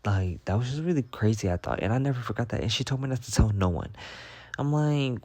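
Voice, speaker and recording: A man's voice: mid-range voice, lively intonation, fairly quick, darkish tone, no echo. A young man telling gossip stories in a casual, profane, dramatic monologue, full of "I'm like" retellings. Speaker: storyteller. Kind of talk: casual story-time monologue.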